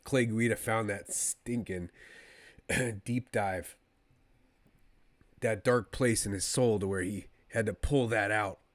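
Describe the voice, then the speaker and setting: Excitable man doing live fight commentary. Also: on the low side, takes it slowly, long pauses, no room sound. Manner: excitable, rambling, fan-like, chats with viewers. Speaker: live play-by-play streamer.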